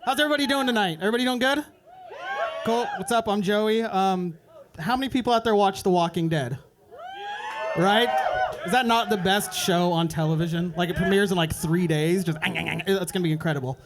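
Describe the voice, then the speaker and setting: A young man doing a stand-up set at an open mic night, telling a rambling story and dropping into quick voices for the people in it. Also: high-pitched, background noise. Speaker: stand-up comedian. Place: open mic comedy club.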